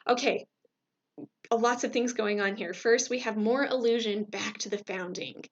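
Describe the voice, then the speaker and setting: A woman's voice: a little high, steady tone, normal speed, dull audio. A woman teacher talking through a recorded lecture in a conversational way, checking in with "right?" and using fillers.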